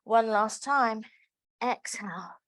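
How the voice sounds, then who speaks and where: A woman's voice: on the high side, slow pace, a bit bright. A woman instructor leading a pilates class. She calls out breathing and movement cues and counts reps aloud. She drops in playful, chatty asides between the cues. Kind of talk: live exercise class instruction.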